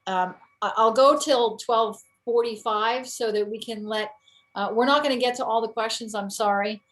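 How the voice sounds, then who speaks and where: A woman's voice: on the high side, steady tone, normal speed, fairly bright tone, rough recording. A woman from New England hosts and moderates a panel on teaching English, speaking hesitantly with many fillers.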